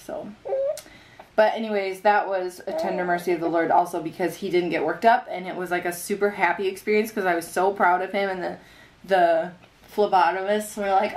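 A woman's voice: mid-range voice, steady tone, fairly quick. A young woman vlogging at home with her baby, telling a story in an earnest, heartfelt way and rambling in long run-on sentences. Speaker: mother vlogging about faith. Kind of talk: casual faith vlog.

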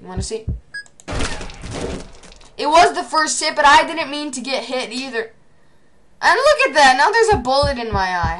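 A teenage girl giving excitable gameplay commentary, often shouting at the game. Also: on the high side, noisy background.

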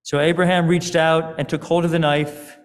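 A man, a rabbi, giving a sermon in a synagogue, telling a story in a deliberate, dramatic way. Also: fairly high pitch, flat delivery. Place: synagogue sanctuary. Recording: long hall reverb.

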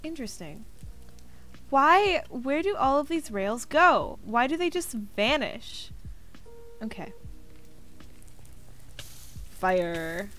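A woman streamer with a high, bouncy voice talks slowly and giggles as she thinks aloud through her game. Faint game music plays beneath her. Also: big pitch swings, a bit bright. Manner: chatty, giggly, thinks aloud while playing. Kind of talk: casual gaming stream chat.

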